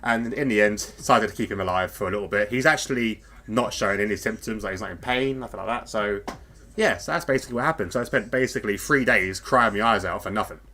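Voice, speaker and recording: A UK man hosts a casual live podcast in a lowish, quick voice with a sharp edge, and a faint hiss or hum sits under the audio. He rambles and chats, drops in fillers, and laughs often.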